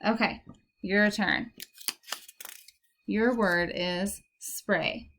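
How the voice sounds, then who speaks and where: A woman's voice: medium pitch, steady tone, drawn-out words, a bit bright. Patient young woman teaching phonics. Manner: patient, encouraging, explains step by step. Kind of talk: one-on-one phonics lesson. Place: indoor room, recorded on a computer.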